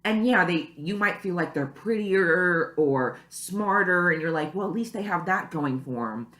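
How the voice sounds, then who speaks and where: This young woman's lowish, slightly bright voice is animated but measured as she vlogs at home in the early morning. Chatty and rambling, she leans on "you know" and "like," recorded on a camera mic in a room with echo.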